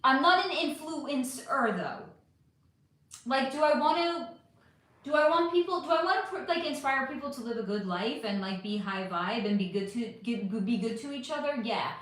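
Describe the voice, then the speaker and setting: Middle-aged woman, livestream host, lively pitch swings, blunt and sarcastic, roomy echo. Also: moderate pace. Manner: animated, blunt, sarcastic with commenters. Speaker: livestream host reading chat. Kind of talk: casual livestream chat. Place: home room.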